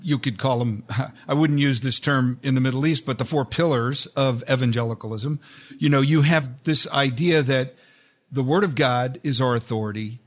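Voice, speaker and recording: A man hosting an interview, reflecting on and summing up his guest's points before he asks the next question. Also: medium pitch. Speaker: host. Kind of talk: interview conversation.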